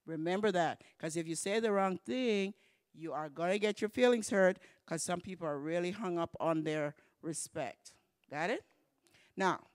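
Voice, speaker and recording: Patient church Spanish teacher who spells words out and repeats phrases, livens up in examples. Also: mid-range voice. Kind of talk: church class lesson. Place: church classroom.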